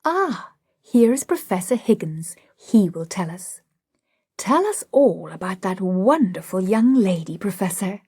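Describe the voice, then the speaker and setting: A gushing society hostess, read by a woman, effusive and quick to exclaim over the latest gossip. Her voice is husky and breathy, recorded dry and close. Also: mid-range voice, very animated, a little mellow, dry recording. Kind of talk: audiobook drama reading.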